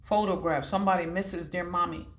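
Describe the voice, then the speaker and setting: A woman's voice: lowish voice, steady tone, brisk, fairly bright tone. Rambling woman giving a psychic reading. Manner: rambling, scattered, swears casually. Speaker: intuitive reader. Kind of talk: casual psychic reading to camera.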